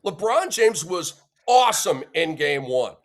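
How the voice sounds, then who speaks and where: A man's voice: on the high side, very animated, unhurried. A man hosting a sports podcast, giving an emphatic, opinionated rant and punctuating his points with a questioning "okay?". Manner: blunt and insulting toward critics.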